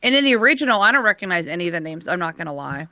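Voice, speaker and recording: A man chatting on a film podcast, chiming in with lively interjections. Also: high voice, very fast. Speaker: podcast guest. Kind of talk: casual chat.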